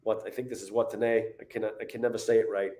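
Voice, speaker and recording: A man's voice: lowish voice, level tone, fast talker, warm tone. A man with a Boston accent, a fitness trainer giving a punchy, joking motivational guest interview. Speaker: fitness trainer and transformation coach.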